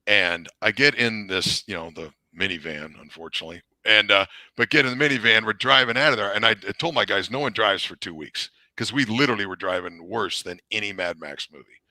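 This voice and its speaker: A middle-aged man, a retired Marine, telling stories in a rambling, animated way with many fillers. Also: lowish voice, a little fast, no echo, clean studio sound. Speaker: podcast guest, retired Marine officer. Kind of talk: casual storytelling interview.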